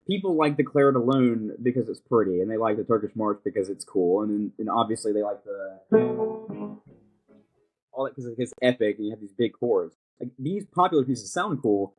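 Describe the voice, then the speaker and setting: A man's voice: lowish voice, moderate pace, darkish tone, breathy edge, soft background music. A young man hosting a podcast, chatting casually and thinking aloud with many fillers and restarts. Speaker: podcast host. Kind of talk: casual chat.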